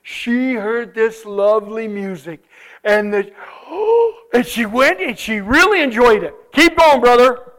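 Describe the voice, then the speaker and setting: Guy with a really high voice telling a church his mission story, excited, keeps cueing the slides. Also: slow. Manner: animated, exclaims often, cues slides aloud. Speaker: visiting missionary speaker. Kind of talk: testimony storytelling to a congregation.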